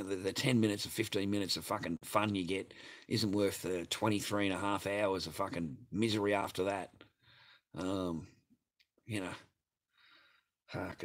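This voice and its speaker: A man's voice: lowish voice, a little hiss or hum. A man hosting a livestream and reading viewer chat, talking in a profane, rambling, blunt way. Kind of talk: casual livestream rant.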